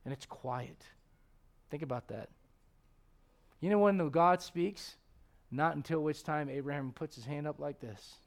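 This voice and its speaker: A middle-aged man preaching a sermon as pastor, animated, swinging from loud exclamations to hushed tones and acting out voices in his stories. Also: a little high, a little slow, long pauses. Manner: acts out voices in his stories, chuckles often.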